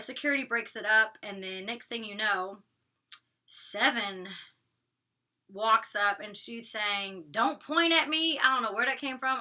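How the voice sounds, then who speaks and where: A woman reviewing reality TV gives a blunt, casual rundown of an episode, swearing without restraint and sharing strong opinions. Her voice is on the high side, bright and forceful.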